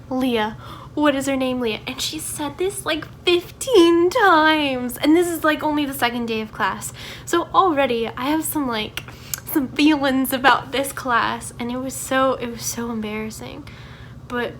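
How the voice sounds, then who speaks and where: A woman's voice: fairly high pitch, a bit bright, a little hiss or hum. A young woman telling a story about her drama class in a casual, chatty rant, full of filler words and sighs. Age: young adult. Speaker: vlogger.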